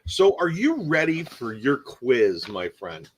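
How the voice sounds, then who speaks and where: A man's voice: medium pitch, big pitch swings, takes it slowly, slight background noise. A man co-hosting a beauty podcast, reading out quiz questions in casual chat. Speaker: podcast co-host, quizmaster.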